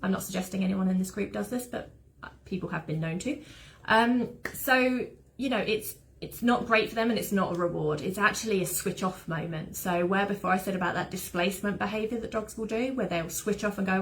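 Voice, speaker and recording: Woman dog trainer, medium pitch, chatty teaching style with plenty of tangents. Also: brisk. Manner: chatty, rambling, fond of anecdotes. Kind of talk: informal online teaching talk.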